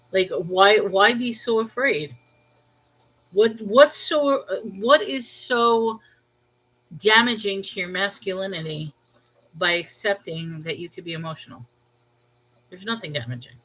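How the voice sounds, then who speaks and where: A woman with a New York accent, hosting a live stream and talking things through out loud as she answers viewer comments. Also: on the low side, slow, pauses often, husky, poor audio. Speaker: livestream host. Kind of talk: casual live-chat reply.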